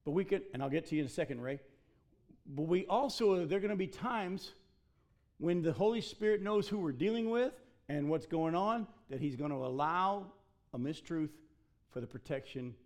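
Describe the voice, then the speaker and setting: Man preaching from scripture, slightly high voice. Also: lively intonation, moderate pace, a little mellow. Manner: reads scripture then preaches, addresses congregation directly. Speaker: pastor. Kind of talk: sermon with Bible reading.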